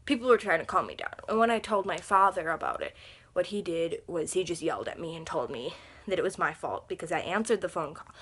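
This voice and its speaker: Brief: casual vlogger woman, rambling and chatty, bright edge, recorded at home. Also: on the low side, expressive, fairly quick. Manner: rambling, chatty, lots of fillers. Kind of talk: casual storytime vlog. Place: room at home under a lamp.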